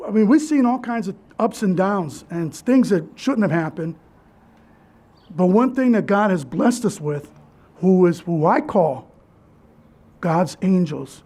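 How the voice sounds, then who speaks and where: High-voiced man giving an earnest memorial speech. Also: darkish tone. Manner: earnest, halting storytelling with restarts. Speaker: keynote speaker at a memorial service.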